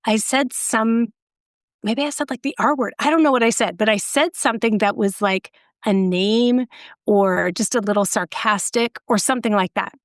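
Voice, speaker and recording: A woman's voice: fairly high pitch, moderate pace, no echo, studio quality. A middle-aged woman, a podcast guest, telling a rambling, self-deprecating story in casual conversation.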